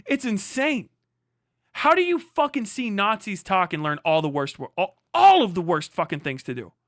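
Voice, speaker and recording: A man's voice: high voice, huge pitch swings, a little fast, no echo, studio quality. A young man streaming live from home, swearing through a heated rant and reading chat. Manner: profane, shouting mock tirade turning to muttered asides.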